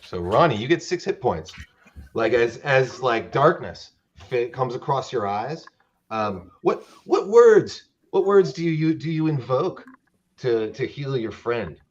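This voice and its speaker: A man running a tabletop role-playing game as dungeon master, talking in halting bursts with many restarts. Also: mid-range voice, very animated, husky, lo-fi sound.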